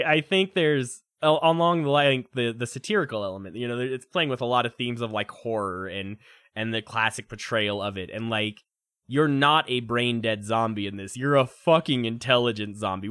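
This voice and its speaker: A young man talks games in a loose, animated way, tripping over his words and laughing often. His voice is bright and pushed forward. The sound is dry and close. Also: medium pitch, clean tone, no room sound. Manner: animated, halting, lots of restarts and laughs. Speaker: game review podcast co-host. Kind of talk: casual chat.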